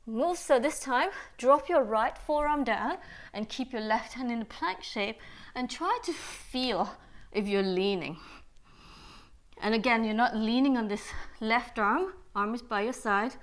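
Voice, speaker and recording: A woman yoga teacher guiding a class through poses and breaths, calm and steady, a little out of breath. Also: a little high, measured pace. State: slightly out of breath. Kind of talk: guided yoga class instruction.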